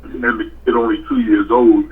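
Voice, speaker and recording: A man's voice: mid-range voice, flat delivery, normal speed. Older man on a tinny phone-like line. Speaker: podcast co-host. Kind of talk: casual chat.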